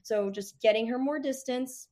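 Lady chatting about her dog in an interview, lively, does little voices, kinda high-pitched. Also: moderate pace. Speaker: dog trainer guest. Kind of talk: casual interview answers.

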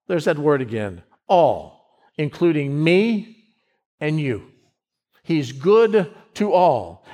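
A male pastor from the United States delivers a sermon in a conversational, down-to-earth way. He drags out key phrases slowly, then rushes through asides. His voice sits a little high for a man. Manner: conversational preaching, swinging from slow emphasis to quick asides.

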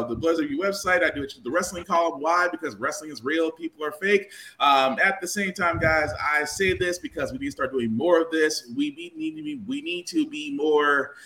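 A man's voice: a little high, lively intonation, vocal fry, pushed and bright, low-quality recording. Emphatic man plugging his podcasts. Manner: emphatic, preachy, quick plugs. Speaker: podcast guest. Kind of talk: casual podcast intro.

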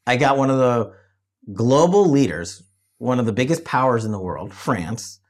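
A man's voice: mid-range voice, lively intonation, moderate pace. A man hosting a political discussion show, talking emphatically and often restarting his phrases. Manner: emphatic, repeats himself when restarting. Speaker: show host.

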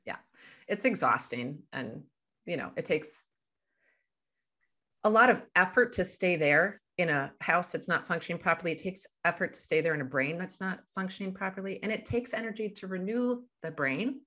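Low-voiced woman coaching by example. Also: expressive, normal speed, a bit bright. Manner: explains through everyday examples, with a laugh. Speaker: life coach guest. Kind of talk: conversational podcast interview. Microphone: video call.

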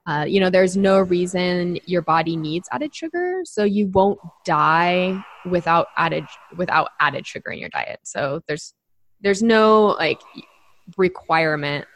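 A woman's voice: fairly low pitch, lively intonation, unhurried. A woman co-hosting a podcast, explaining nutrition to clients in a chatty way with lots of fillers. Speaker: podcast co-host, nutrition coach. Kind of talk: casual podcast chat.

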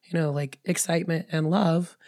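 A woman co-hosting a podcast in casual chat, her voice hoarse from a cold, rambling with fillers and restarts. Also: low voice, steady tone, moderate pace, a little mellow, dry recording, studio quality. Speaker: podcast co-host.

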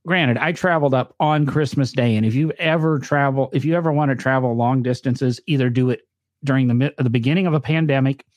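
A man's voice: mid-range voice, a little fast, a little mellow, no room sound. A man with a northern US accent, chatting casually about cars with rambling, filler-heavy storytelling. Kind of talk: casual chat.

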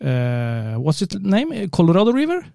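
Man co-hosting a chat show, higher pitch, warm and dry, hesitant. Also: huge pitch swings, moderate pace, gravelly, no room sound. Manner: hesitant, many fillers and restarts, laughs often. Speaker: podcast co-host. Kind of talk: casual chat.

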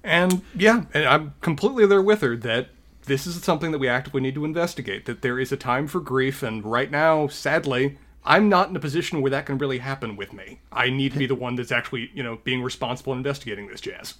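A man's voice: mid-range voice, fast talker, fairly bright tone. A man co-hosting a podcast, giving opinionated critiques in casual discussion. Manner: opinionated, critiques character writing. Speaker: podcast co-host.

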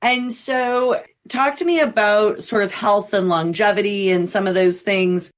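A woman's voice: medium pitch, fairly even intonation, a little slow. A woman hosting an interview, asking open questions and affirming often.

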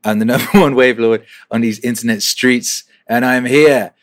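A man's voice: mid-range voice, fairly even intonation, moderate pace. A man hosting a weekly question-and-answer livestream, chatting casually, swearing and repeating phrases for rhythm. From England.

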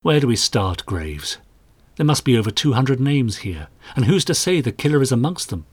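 A man's voice: medium pitch, very animated, moderate pace, slightly rough, no echo. A man voicing a stern, troubled male detective inspector who gives clipped orders. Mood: weary.

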